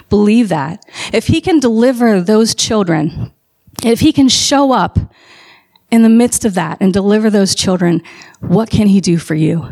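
A woman preaching a sermon, telling a story with building passion and emphatic calls to her listeners. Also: a little high.

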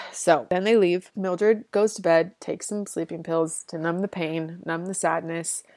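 Woman presenting a chatty book summary, slightly low voice, dry booth-like sound, talks in slang. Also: steady tone, measured pace, a little mellow, no room sound. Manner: chatty, slangy retelling with frequent "like".

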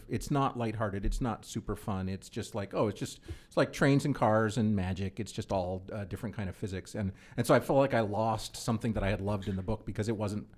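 A man hosting a casual group chat, steering the talk and repeating words as he starts. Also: on the low side.

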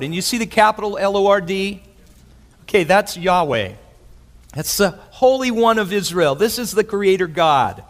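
A man preaching a sermon as pastor, animated, acting out quotes with big swings in his voice. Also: sits high. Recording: long hall reverb.

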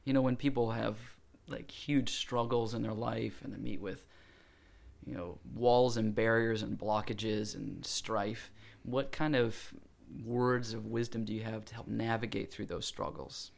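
A man's voice: fairly low pitch, a little slow, gravelly. A man telling a story in a casual podcast chat, acting out the voices of people in it. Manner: animated, acts out voices in stories.

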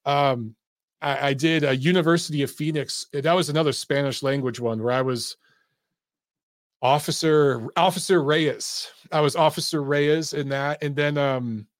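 A man's voice: on the high side, normal speed, no room sound, studio quality. A man hosting a casual livestream about boxing and his acting past, rambling loosely, swearing and laughing often. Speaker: boxing show host. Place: Atlanta.

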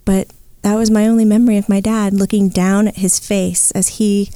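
A woman's voice: medium pitch, moderate pace, clear, resonant tone, no echo. A middle-aged woman, a psychic medium, telling a story in a casual interview and acting out the voices in it. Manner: animated, acts out the voices in her story.

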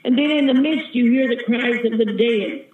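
A woman's voice: on the high side, moderate pace, reverberant, narrow, tinny audio, noisy background. A woman evangelist giving an earnest, vivid testimony as a guest in an interview. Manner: earnest, vivid storytelling, calls listener sister.

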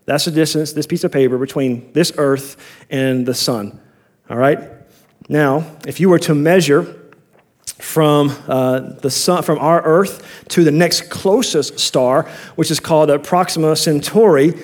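A man pastor preaching a sermon, swinging between fervent rising appeals and quiet conversational asides. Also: on the high side, measured pace. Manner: impassioned preaching, rising and falling in intensity.

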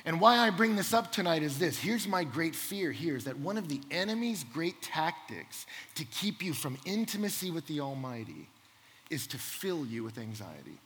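A man preaching a sermon, telling a personal story animatedly and swinging between loud bursts and hushed asides. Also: on the high side, sing-song, normal speed, a little hiss or hum. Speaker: pastor. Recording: long hall reverb.

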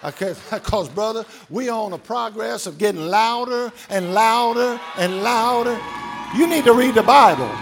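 A man preaching a sermon as pastor, building to loud shouted call-and-response. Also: high-pitched, moderate pace, a crowd in the background, noisy background.

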